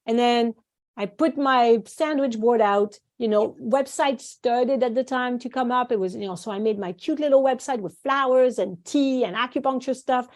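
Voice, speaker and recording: A woman's voice: a little high, moderate pace. A French-born woman whose first language is French, a guest on a podcast interview, telling stories with animation and acting out quoted voices. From France. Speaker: guest, acupuncturist and course founder.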